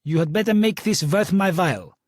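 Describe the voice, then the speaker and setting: A man puts on a grizzled old pawnbroker in an audiobook, speaking in a foreign accent no one can place. He is curt and suspicious, with a slightly husky edge. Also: sits high, animated, a little fast, dry recording, clean studio sound, voice pushed up. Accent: unplaceable foreign accent.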